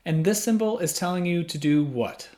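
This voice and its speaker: A man's voice: high voice, expressive, normal speed, dark tone. A patient man teaching music. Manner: patient, asks questions then answers them. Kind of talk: instructional explanation. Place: small room. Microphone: studio microphone.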